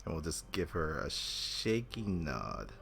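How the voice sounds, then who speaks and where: A very deep, gravelly male voice with a lively, swinging delivery. He describes his character's actions at the table and breaks into laughter often, with faint music behind him. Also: takes it slowly. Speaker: player. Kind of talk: casual tabletop play.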